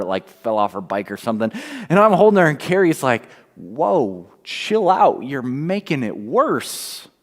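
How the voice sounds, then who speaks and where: A middle-aged man delivering a sermon as pastor, animated and swinging from quiet asides to near-shouting. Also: a little high. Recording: long reverb.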